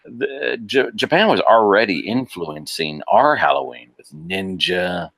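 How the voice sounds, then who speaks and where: A man in casual podcast chat, animated, laughing often and restarting his sentences. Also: low voice, a little slow, creaky, no room sound. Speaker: podcast guest.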